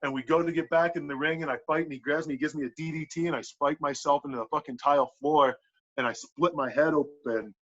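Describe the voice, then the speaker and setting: A man on a podcast telling a wrestling story in casual, animated talk, swearing a lot and filling with "like". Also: fairly high pitch, quick pace. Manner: animated, profane, lots of "like" fillers. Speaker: podcast guest, pro wrestler. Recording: dull lo-fi podcast audio.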